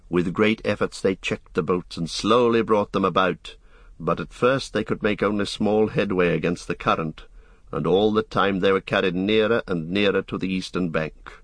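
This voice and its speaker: A man reading a fantasy story aloud as an audiobook narrator, in a steady storytelling manner. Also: sits low, moderate pace, no room sound. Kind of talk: scripted narration.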